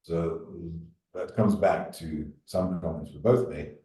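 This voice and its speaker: A deep-voiced man answers as a webinar panelist, blunt and plain-spoken. He sits back from the mic, so his low, mellow voice sounds distant and roomy. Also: takes it slowly. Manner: blunt, informal, with fillers. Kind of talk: online panel discussion.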